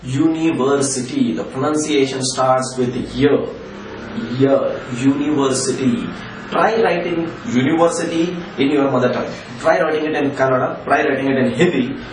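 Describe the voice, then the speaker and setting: A man's voice: medium pitch, moderate pace. A man with an Indian English accent teaching an English grammar lesson, patiently repeating and spelling out examples. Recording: echoey room, distant from the mic, faint ambient noise.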